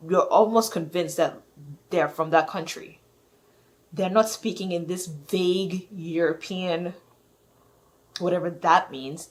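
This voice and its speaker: A woman talks straight to camera in a loose, rambling rant, piling up fillers as she circles her point. Her voice sits a little on the low side. She sounds thoroughly fed up. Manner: exasperated, rambling, heavy use of "like". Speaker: vlogger.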